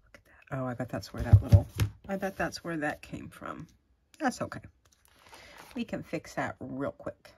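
A middle-aged woman, chatting casually and gushing excitedly as she opens craft mail at home. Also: rumbling low, moderate pace, pauses often, a little hiss or hum. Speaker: crafting vlogger. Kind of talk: casual unboxing chat.

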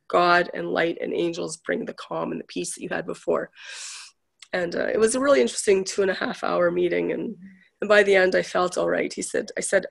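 A woman's voice: on the low side, a little fast, creaky, slightly rough. A woman guest, a spiritual healer, chatting casually in a talk show and retelling a conversation in a storytelling way. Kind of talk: casual chat.

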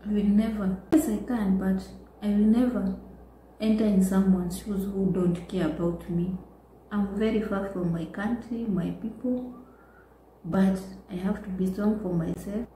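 A woman's voice: medium pitch, steady tone, unhurried, mellow. Earnest woman, echoey room. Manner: earnest, emotional, repeats exclamations. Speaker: vlogger. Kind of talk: personal storytelling. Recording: echoey room with faint background noise.

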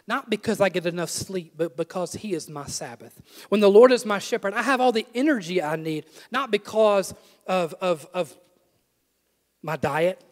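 A young adult man preaching a sermon, with animated repeated refrains and self-deprecating jokes. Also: high voice, big-room sound. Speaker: pastor. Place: church sanctuary.

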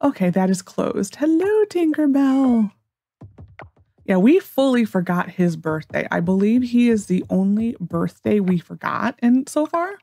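A woman's voice: mid-range voice, animated, normal speed, gravelly, hardly any pauses, dark tone, no room sound, soft background music. Chatty woman thinking aloud while gaming. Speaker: let's play host. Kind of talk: casual gameplay commentary. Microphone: desk microphone, set a little loud.

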